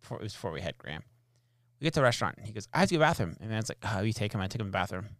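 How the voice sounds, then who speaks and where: A man's voice: lowish voice, very fast, no echo, clean studio sound. A man in his thirties, a father, telling stories in casual chat and acting out the quotes. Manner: animated storyteller, acts out quotes.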